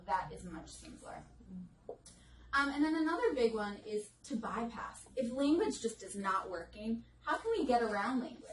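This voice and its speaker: A woman's voice: mid-range voice, a little hiss or hum. A woman speech language pathologist giving a live lecture to an audience in a conversational way, now and then acting out what children and parents say. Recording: echoey room recorded from a distance.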